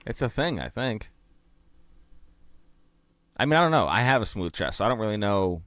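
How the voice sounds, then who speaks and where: A man's voice: on the low side, very animated, normal speed, fairly bright tone, dry recording. A man co-hosting a podcast, bantering in a joking, wry way. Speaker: podcast co-host. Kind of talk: casual chat.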